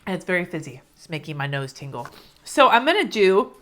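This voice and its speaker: Woman, lowish voice, casual live-stream chat, swears a lot, reads out comments. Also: very animated, a little fast, very noisy. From California. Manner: chatty, swears casually, answers viewers by name. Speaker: planner vlogger reading live comments. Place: home, indoors.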